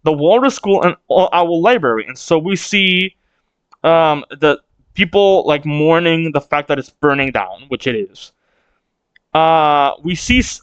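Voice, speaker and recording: A man's voice: fairly high pitch, smooth, no room sound, muffled recording. A man hosting a casual manga read-along reaction, rambling with restarts and casual swearing.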